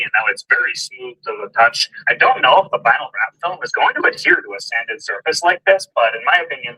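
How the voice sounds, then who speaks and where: A man's voice: medium pitch, bright, forceful tone, husky, rough recording. A man walking viewers through a do-it-yourself car job in casual, step-by-step how-to narration. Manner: step-by-step explaining, plain and upbeat. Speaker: DIY car vlogger.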